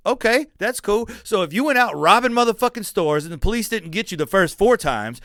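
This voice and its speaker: A man's voice: high voice, clean tone, dry recording, clean studio sound. A man hosting a sports show, ranting in a heated, profane, mocking way about football calls. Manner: loud, heated, swearing freely, mocking. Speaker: podcast host.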